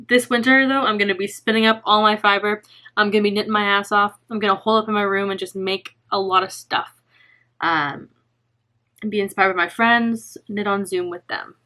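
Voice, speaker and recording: Woman, young adult, casual vlog chat, gushing, rambling, bright tone. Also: medium pitch. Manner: chatty and gushing, with many fillers and restarts. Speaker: knitting vlogger.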